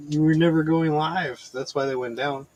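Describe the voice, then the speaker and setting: A man's voice: a little high, steady tone, normal speed, a little mellow, no echo, rough recording. A man in casual stream banter, giggly and saying like a lot.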